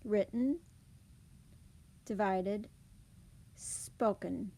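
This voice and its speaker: A woman teacher explaining speech sounds in a phonics lesson, saying example words slowly and clearly. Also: mid-range voice, a little mellow. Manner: clear, deliberate demonstration of words.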